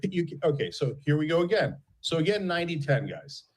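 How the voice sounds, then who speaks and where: A man's voice: fairly high pitch, big pitch swings, fairly quick, breathy edge, poor audio. A man arguing his point in a heated political panel debate, often acting out quotes. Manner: argumentative, acts out quotes.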